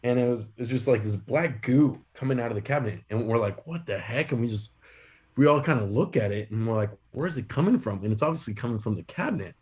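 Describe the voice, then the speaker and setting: A man co-hosting a podcast, telling funny stories in an animated way, laughing often. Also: medium pitch, quick pace. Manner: animated, laughing, lots of fillers. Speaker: podcast co-host. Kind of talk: casual storytelling.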